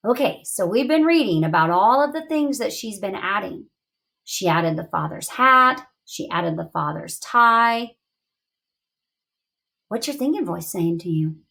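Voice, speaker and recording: A woman teaching young children in a read-aloud lesson, asking questions in an expressive, encouraging way. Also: medium pitch, a little slow, creaky.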